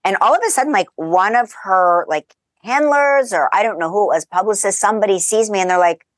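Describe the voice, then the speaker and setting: A woman as a podcast guest, telling lively anecdotes in casual chat and laughing as she goes. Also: mid-range voice, fairly quick, dry recording. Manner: animated, chatty, laughs through her stories.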